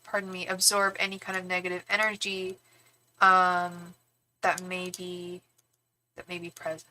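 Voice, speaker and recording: A woman's voice: lowish voice, completely flat delivery, measured pace, sharp tone, a little hiss or hum. A young woman reading tarot live, talking in a rambling, frank way with casual swearing and many restarts. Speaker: tarot reader and psychic medium.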